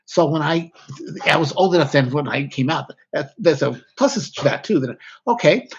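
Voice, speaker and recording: A man's voice: on the high side, lively intonation, moderate pace, breathy edge. A man, a guest author, speaking candidly and reflectively in an interview, often breaking off mid-thought. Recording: slightly dull lo-fi audio.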